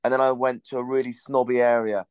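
A man hosts a casual podcast, rambling through an anecdote with plenty of fillers and the odd swear word. His voice is smooth and clear, mid-pitched, and sounds close and dry with no room around it. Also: little pitch movement, fast talker, a little mellow, no echo. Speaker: podcast host.

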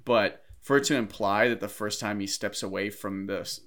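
A man's voice: lowish voice, fairly even intonation, normal speed, a bit bright. A man co-hosting a podcast, casually talking through a film and picking apart its plot details. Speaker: podcast co-host. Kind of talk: casual movie discussion.

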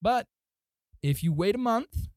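A man's voice: sits high, expressive, a little slow, darkish tone, dry recording, clean studio sound, voice pushed up. A man voicing a confident male gnome officer in a fancy suit, with a folksy drawl. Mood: breezy. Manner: folksy, drawling, says y'all.

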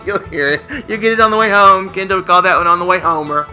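A man's voice: sits high, quick pace, bright, forceful tone, soft background music. A man co-hosting a radio comedy show, telling jokes in a rambling, playful, teasing way. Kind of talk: joke-telling radio banter.

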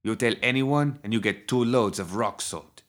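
A man's voice: fairly low pitch, normal speed, close to an everyday voice. A man voicing a cruel, sneering male gunslinger outlaw with a menacing drawl. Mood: surly.

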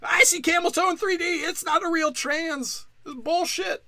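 A man voicing a shrill, indignant male moviegoer who squeals and scoffs. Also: normal speed, sharp tone, no echo, exaggerated voice. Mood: scoffing.

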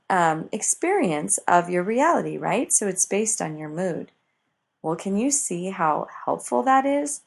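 A woman teaching self-help ideas in a motivational talk, expressive and acting out everyday examples. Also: fairly low pitch, a little slow, creaky.

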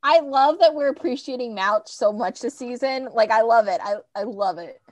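A woman's voice: a little high, no echo. A woman co-hosting a podcast, chatting casually and enthusiastically about TV episodes, often agreeing with her co-host. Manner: enthusiastic, agreeable, quick short reactions.

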